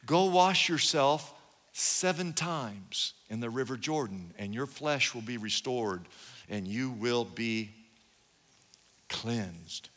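A man preaching a sermon as pastor, animated, retelling Bible stories with repeated phrases. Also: medium pitch, slow. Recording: long echo of a large hall.

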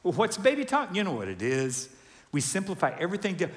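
A male pastor preaching a lively sermon, acting out quoted voices. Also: high voice, brisk. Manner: animated, acts out quoted voices. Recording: reverberant hall.

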